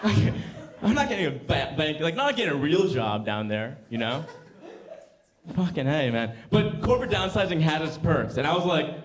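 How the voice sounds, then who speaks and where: A young man in his twenties doing a rambling stand-up set on a club stage, halting with fillers and restarts, the crowd laughing behind him. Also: a little high, big pitch swings. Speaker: stand-up comedian. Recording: roomy club with crowd noise.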